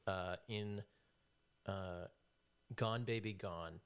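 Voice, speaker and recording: A man's voice: low-pitched, fairly even intonation, extremely slow, smooth. A man in casual podcast chat, telling rambling stories and joking along.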